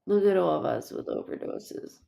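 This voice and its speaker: A woman giving a live-streamed psychic reading in an animated, rambling way, with many fillers and restarts. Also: lowish voice, moderate pace, gravelly, dry recording, poor audio. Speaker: psychic medium.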